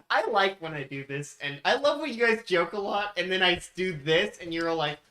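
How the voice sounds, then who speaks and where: A woman running a tabletop game as game master, narrating scenes slowly and joking with the players. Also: lowish voice, animated, a bit bright. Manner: drawn-out descriptive narration, slows down for effect. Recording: echoey room.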